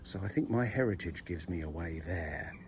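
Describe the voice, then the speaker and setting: Male vlogger, low-pitched and animated, rambling deadpan comedy outdoors. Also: normal speed, slight background noise. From southern England. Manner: mock-serious, rambling, animated. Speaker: video blogger. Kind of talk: deadpan comic monologue. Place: outdoors in a churchyard.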